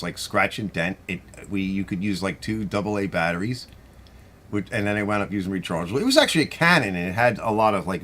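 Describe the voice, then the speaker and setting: A middle-aged man with a New York accent rambles through a relaxed live-stream chat, reading out viewer comments as he goes. His voice sits fairly low, and his talk wanders with lots of restarts and asides. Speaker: host of a garage channel live stream.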